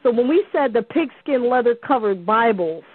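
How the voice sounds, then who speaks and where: A woman's voice: on the high side, expressive, moderate pace, husky, no echo. A woman calling into a radio show, chatty and storytelling, over a dry, tinny phone line. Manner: chatty, lots of ums and restarts, storytelling. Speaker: caller. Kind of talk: call-in radio talk.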